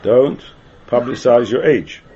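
A man's voice: medium pitch, slow, mellow, slightly rough. A man teaching a Talmud class, chanting phrases in a sing-song way and repeating his questions to the students. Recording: dull lo-fi class recording.

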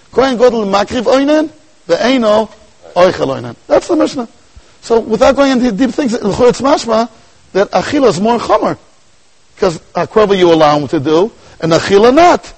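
A man gives a Talmudic lecture in a high, animated voice that swoops up and down. His tone has a husky, slightly breathy grain. He drops Yiddish and Hebrew terms into his English with a chanting study cadence. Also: low-quality recording. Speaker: Torah teacher.

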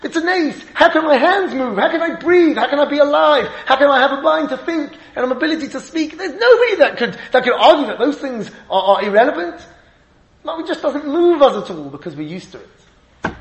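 A man giving a Torah lecture, emphatic and animated, laughing often and mixing in Hebrew and Yiddish terms. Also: very high-pitched, fairly quick, reverberant, low-quality recording. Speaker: rabbi giving a shiur.

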